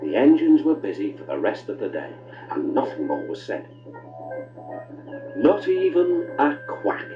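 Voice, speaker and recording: A man narrating a children's story with expressive, swooping delivery. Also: unhurried, pauses often, dull audio, music in the background. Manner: warm, expressive storytelling with big pitch swings.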